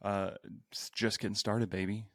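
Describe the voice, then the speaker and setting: A man's voice: fairly low pitch, little pitch movement, normal speed, fairly bright tone, no echo, studio quality. A man, a healthcare worker, talking as a guest on a podcast in a brash, joking way with plenty of swearing. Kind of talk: casual podcast chat.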